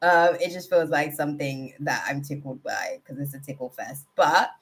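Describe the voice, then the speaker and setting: A woman's voice: low voice, lively intonation, moderate pace. A woman hosting a live tarot reading, chatting casually and laughing often as she talks. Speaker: tarot reader, live-stream host.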